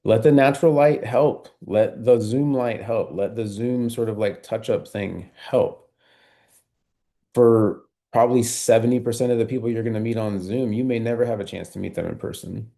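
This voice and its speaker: A man coaching a team on recruiting appointments over a video call, talking at a measured, steady pace and often tagging his points with "right?". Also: fairly low pitch, gravelly. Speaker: sales trainer.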